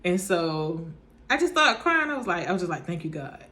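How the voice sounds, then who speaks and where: A woman's voice: on the low side, normal speed. A young woman, casually telling her viewers a personal story, acting out what everyone said. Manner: chatty, animated, speaks in reported dialogue, says "y'all" often.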